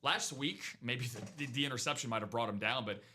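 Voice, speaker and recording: A man's voice: mid-range voice, fast talker, sharp tone, slight background noise. A man hosting a live sports card break, chatting casually about football and hyping deals to viewers in an upbeat way. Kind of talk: casual sports chat and sales pitch.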